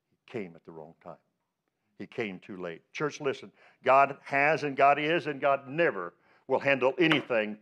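A man's voice: on the low side, fairly bright tone, lo-fi sound. A male pastor preaching a sermon, emphatic, asking rhetorical questions and rising on the words he stresses.

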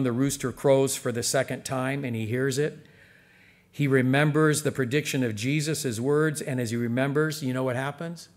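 Guy pastor preaching, earnest and chatty, talks straight to the church, mid voice, speeds up and gets louder on the big points. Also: medium pitch. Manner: earnest, conversational preaching that addresses the congregation directly. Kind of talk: sermon.

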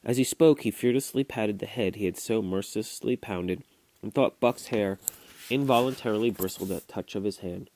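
A man reading a classic novel aloud to his children, at a steady storytelling pace with small restarts. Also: fairly low pitch, no room sound. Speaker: father reading to his kids. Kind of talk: audiobook narration. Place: home recording.

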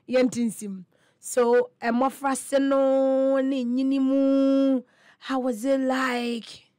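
A woman's voice: high voice, flat delivery, extremely slow, dark tone, smooth. A woman hosting a radio interview, asking questions in Twi and English. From Ghana. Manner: asks questions in Twi and English, short encouraging backchannels. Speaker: radio host. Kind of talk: casual interview.

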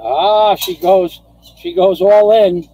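A man's voice: sits high, slow pace, dark tone, rough recording. A man hosting a casual live stream, chatting with viewers, laughing often and ranting with profanity. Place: home in the Philippines.

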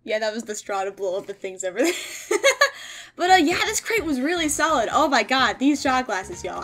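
Bubbly high-voiced woman. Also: normal speed, soft background music. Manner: bubbly, giggly, excitable. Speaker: gaming content creator. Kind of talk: casual unboxing vlog.

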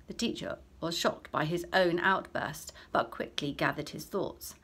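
A woman, a primary school teacher, reading a children's story aloud to her class with expressive delivery. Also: fairly low pitch, normal speed, creaky, hardly any pauses, breathy edge.

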